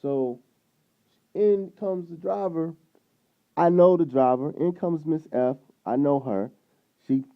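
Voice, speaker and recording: Man, vlogger, rambling casual story, quoted dialogue, mid-pitched voice, thin phone-like sound.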